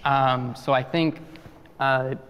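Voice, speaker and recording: A man's voice: mid-range voice, fairly even intonation, takes it slowly, fairly bright tone, a little hiss or hum. Teen boy, careful and hesitant, reverberant room. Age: teens.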